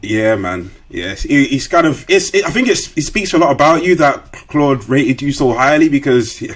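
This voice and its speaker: A man's voice: medium pitch, moderate pace, husky. A man hosting a podcast, chatting casually with lots of slang and loose restarts. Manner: relaxed, full of fillers and slang, hesitant restarts. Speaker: podcast host. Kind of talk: casual interview chat.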